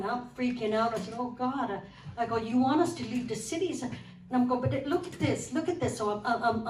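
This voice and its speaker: A woman shares her story in a casual, animated way, slipping into the voices of the people she quotes. Her voice is mellow and dark, heard from some way off the mic in a roomy hall with a faint hiss behind her. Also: medium pitch, recorded from a distance. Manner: animated, acts out quoted dialogue. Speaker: guest sharing a testimony. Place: church hall.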